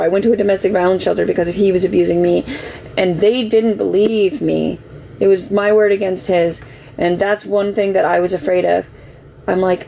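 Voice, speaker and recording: Emotional woman with a gravelly voice. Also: medium pitch, dark tone, a little hiss or hum, poor audio. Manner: earnest, defensive, gets worked up and sighs. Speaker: livestream host. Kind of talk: emotional personal account.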